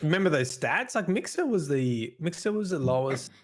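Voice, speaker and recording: A man's voice: a little high, big pitch swings, normal speed. An Australian man co-hosting a gaming podcast, musing aloud and restarting his sentences often. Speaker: podcast co-host. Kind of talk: casual chat.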